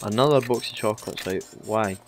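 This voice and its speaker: A young man giving rowdy, sweary let's play commentary, often shouting at the game. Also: on the low side, brisk. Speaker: gamer.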